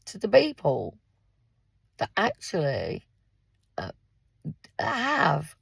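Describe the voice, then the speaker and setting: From inside her car in a car park, a woman in her fifties from England rants bluntly into the camera, cursing freely and talking straight to her audience. A parent and carer, she has a gravelly, husky, mid-range voice with a darkish tone, recorded with no echo, in an angry vlog.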